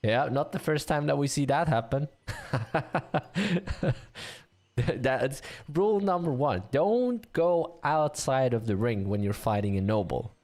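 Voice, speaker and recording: Animated man commenting a game match. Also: mid-range voice, slow. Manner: chatty, animated, laughs and banters with chat. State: voice getting rough. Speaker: league commentator.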